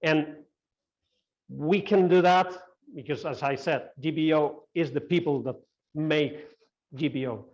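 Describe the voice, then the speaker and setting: Brief: man running an online meeting Q&A, halting and restart-prone, slightly high voice, dull call sound. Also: a little mellow. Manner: halting, many restarts and fillers. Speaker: club CEO answering questions. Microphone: video call.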